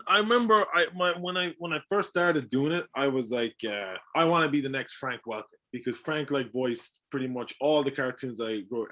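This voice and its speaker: Brief: Irish man, voice actor guest, animated and sweary, bright edge to the voice. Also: mid-range voice. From Ireland. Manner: animated, swears freely, laughs often. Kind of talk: casual podcast chat.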